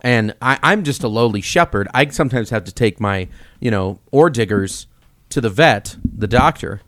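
A man's voice: mid-range voice, expressive, fairly bright tone, dry recording, clean studio sound. A man co-hosting a casual chat, bantering and poking fun at himself. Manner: quick banter, self-deprecating. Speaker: podcast co-host, campus minister.

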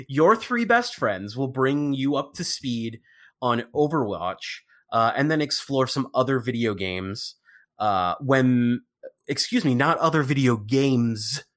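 A man's voice: mid-range voice, expressive, slow pace. A man co-hosting a casual podcast, rambling with lots of fillers and restarts. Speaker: podcast co-host. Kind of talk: casual chat.

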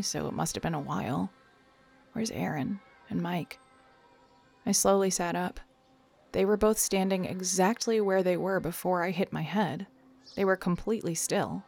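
A woman's voice: lowish voice, moderate pace, vocal fry, darkish tone, soft background music. Tense young woman narrating a drama. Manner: tense, often raising her voice. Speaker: narrator and lead character. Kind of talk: first-person audio drama narration.

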